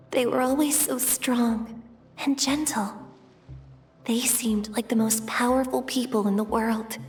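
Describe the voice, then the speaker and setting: A woman voicing a gentle young woman warrior haunted by fear, in earnest, soft-spoken game dialogue. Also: a little high. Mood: wistful. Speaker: game character. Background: faint game music.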